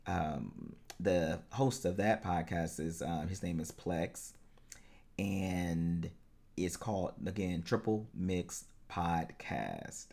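A man's voice: low voice, takes it slowly, gravelly, darkish tone. A man hosting a solo podcast as a life coach, talking in an earnest, encouraging way and laughing easily.

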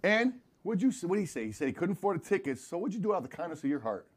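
A man's voice: high-pitched, sing-song, racing. A man playing a lawyer in an improvised mock courtroom comedy, crude and mocking, questioning with theatrical flair.

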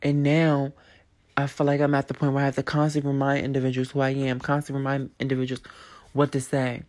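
A woman's voice: extremely low pitch, completely flat delivery, fast, a little mellow. A young woman in her twenties, a podcaster, tells a personal story in a blunt, profane, emphatic way and repeats phrases for force.

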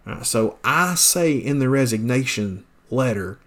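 A man's voice: medium pitch, expressive, unhurried. A man telling a personal story on his podcast, blunt and plainspoken, with many fillers and restarts. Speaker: podcast host, pastor.

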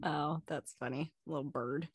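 A woman's voice: low voice, measured pace, breathy edge, no echo, studio quality. Giggly woman telling stories on a podcast. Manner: giggly, animated storyteller acting out quotes. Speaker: podcast co-host. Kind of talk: casual chat, reading listener stories.

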